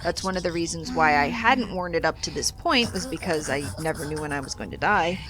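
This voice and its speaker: A woman's voice: sits low, expressive, fairly quick, noisy background. A woman hosting a let's play, chatting casually and animatedly through the game with exasperated jokes. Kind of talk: casual gameplay commentary.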